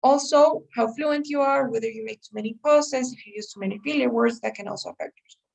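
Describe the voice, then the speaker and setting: A woman's voice: on the high side, quick pace, vocal fry, a little mellow. A woman teaching an English test-prep class, explaining patiently and checking in with her students often. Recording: voice a little far from the mic.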